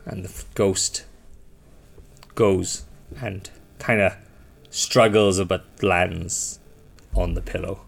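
A man running a tabletop role-playing session, narrating scenes in a loose, rambling way full of fillers. His voice sits low and is heavily gravelly. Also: steady tone, slow pace, pauses often. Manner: casual, rambling, many fillers. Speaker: game master.

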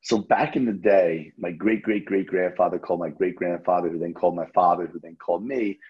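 Speaking fairly quickly in a deep voice with a breathy edge, a New Jersey-accented man chats as a podcast guest about running his restaurant. The sound is lo-fi, and in this casual interview he spins animated stories, curses freely, and repeats words.

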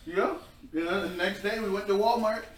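A young man with a high-sitting voice co-hosts a casual podcast, talking at normal speed as he tells an animated story and laughs often. The mic sounds distant and the room roomy.

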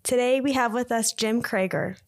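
A woman co-hosting a casual podcast interview, chatty and quick to laugh along. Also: a little high. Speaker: podcast co-host.

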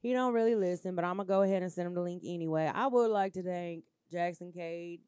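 A woman's voice: lowish voice, fast, a little mellow, smooth, no room sound. A woman co-hosting a casual podcast, talking loosely in slang with a lot of swearing. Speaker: podcast co-host. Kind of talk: casual crude chat.

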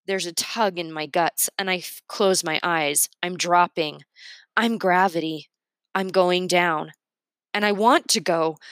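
Brief: woman narrator for a read-aloud, low voice, very unhurried emotional delivery. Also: a bit bright, no room sound. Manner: slow, emotional first-person reading.

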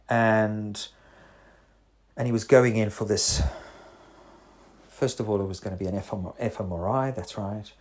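A man, a psychotherapist, talking through a rambling, self-correcting monologue with sudden animated jumps in pitch. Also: breathy edge. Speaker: psychotherapist podcast host. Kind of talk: reflective monologue.

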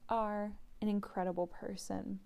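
A woman hosting a podcast, giving a gentle oracle card reading and slowly repeating mantras and journal prompts. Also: mid-range voice, level tone, gravelly. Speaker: podcast host, tarot reader.

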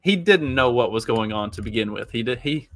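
A man's voice: medium pitch, expressive, fairly quick, crowd noise. A man co-hosting a podcast, talking casually and rambling with many fillers. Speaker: podcast co-host. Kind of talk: casual political commentary.

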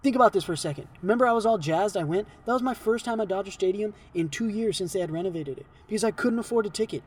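A man's voice: high voice, fast talker, husky, far from the mic. A man arguing heatedly in a casual chat, swearing often and cutting in. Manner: swears a lot, interrupts, heated.

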